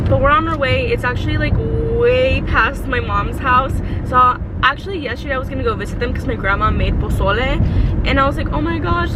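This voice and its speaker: A woman's voice: fairly high pitch, very noisy. A young woman in her twenties chatting casually to her vlog audience, rambling with lots of fillers. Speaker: vlogger.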